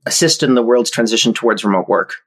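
A man who is an entrepreneur and podcast guest, explaining his views in a measured way. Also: medium pitch. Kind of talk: casual interview chat.

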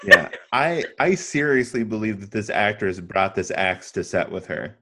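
Lively man recapping with a mid voice. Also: on the low side, moderate pace. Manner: lively recapping, hesitant fillers, laughing. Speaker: podcast co-host. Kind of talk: casual chat.

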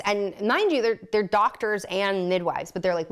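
A woman's voice: mid-range voice, moderate pace, hardly any pauses. A woman guest on a podcast telling a personal story candidly, blunt and self-mocking, often laughing.

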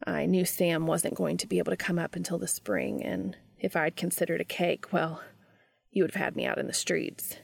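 A woman voicing a shy, gentle young man in a hushed, breathy whisper while reading a story aloud. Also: fairly low pitch, steady tone, normal speed, no room sound, clean studio sound, exaggerated voice. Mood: tender.

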